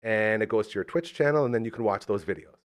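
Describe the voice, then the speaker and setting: A man's voice: lowish voice, fast. A man, hosting a casual podcast and telling stories with energy. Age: 40s. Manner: animated storyteller, does voices when quoting. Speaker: podcast host. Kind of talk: casual chat.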